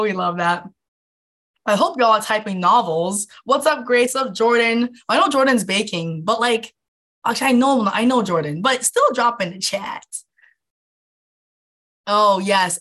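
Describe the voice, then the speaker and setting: A woman's voice: mid-range voice, a bit bright. A young woman hosting a live online masterclass as a wellness coach, bubbly and scattered, laughing often and swearing casually. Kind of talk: casual live-stream chat.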